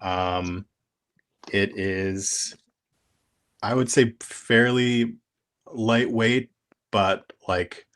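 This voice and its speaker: A man's voice: fairly low pitch, steady tone, extremely slow, long pauses, a bit bright. A man appearing as a guest on a board game show over a video call, talking hesitantly with many fillers and restarts. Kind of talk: casual chat.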